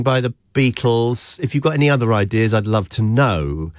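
A man's voice: mid-range voice, animated, moderate pace, no echo, clean studio sound. A man hosting a radio show, chatting in a rambling, jokey way. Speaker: radio host. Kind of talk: casual radio chat. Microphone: studio mic.

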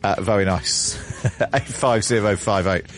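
A man hosting a casual radio phone-in, chatty and quick to laugh. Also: lowish voice, faint music behind.

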